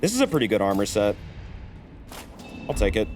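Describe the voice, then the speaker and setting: A man's voice: lowish voice, sing-song, a little fast, darkish tone, slight background noise. A man streaming a game, chatting casually and cursing while he explains the lore. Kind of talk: casual gameplay commentary.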